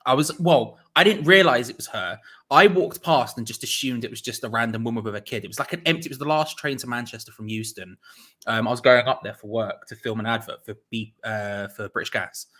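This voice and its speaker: A young man hosting a casual sports chat, telling an animated anecdote. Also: medium pitch, a little fast. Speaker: host.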